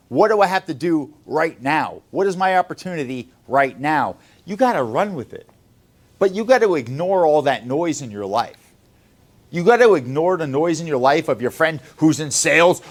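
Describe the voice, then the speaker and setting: A man who runs a sales company, lecturing his staff in a blunt, profane motivational talk. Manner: blunt, profane, lecturing, swings between loud and low.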